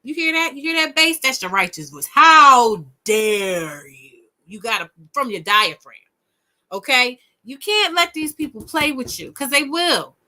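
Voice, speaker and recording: A woman co-hosting a casual chat, talking emphatically and repeating her points with punch, dropping low and then bursting out loud and high. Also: big pitch swings, moderate pace. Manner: emphatic and ranting, with punchy repetition. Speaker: podcast co-host.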